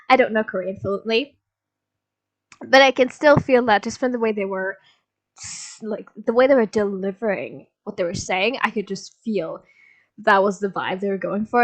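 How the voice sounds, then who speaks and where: A woman hosting a reaction video, chatting casually and gushing with excitement, swearing now and then and rambling a bit. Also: medium pitch, low-quality recording. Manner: rambling with many fillers and restarts.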